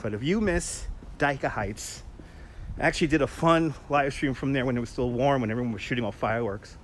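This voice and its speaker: A man's voice: mid-range voice, a little fast. New guy live-streaming a night walk, chatty, laughs a lot, faint street noise. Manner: chatty, laughs often, reads chat aloud. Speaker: livestream host. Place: quiet city street at night, outdoors.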